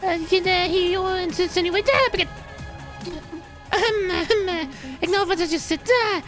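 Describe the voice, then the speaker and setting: A man voicing a sweet, nervous young woman officer with a put-on French accent, in a high soft voice that rambles with "uh, because". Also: steady tone, a little slow, faint music behind. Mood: fretful. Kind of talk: reading a game's dialogue aloud on stream.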